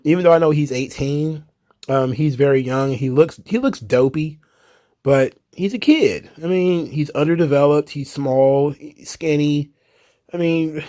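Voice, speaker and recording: A man's voice: medium pitch, a little mellow. A man casually recapping wrestling shows, chatty and chuckling, with frequent fillers. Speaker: wrestling commentary host.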